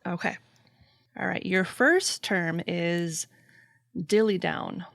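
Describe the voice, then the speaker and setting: A woman's voice: fairly low pitch, slow, creaky, fairly bright tone, no room sound, clean studio sound. A woman hosting a podcast, chatting casually and playfully with her guest. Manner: playful, acts out silly voices in jokes. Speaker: podcast host. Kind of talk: casual chat.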